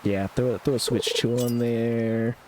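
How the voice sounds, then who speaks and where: A man's voice: mid-range voice, steady tone, takes it slowly, background noise. A young man streaming a game live, chatting casually with a sarcastic, laid-back manner and frequent laughs while reacting to chat.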